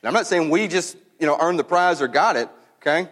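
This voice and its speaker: Casual male pastor, conversational sermon, lively emphasis, long church-hall reverb. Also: a little high, brisk. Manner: conversational, animated preaching with casual slang. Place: church sanctuary.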